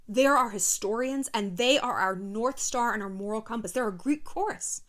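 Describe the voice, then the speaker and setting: A woman's voice: medium pitch, normal speed, few pauses, a bit bright. A woman in her thirties hosting a casual commentary video, brash and sassy, swearing and acting out quotes. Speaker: YouTube host.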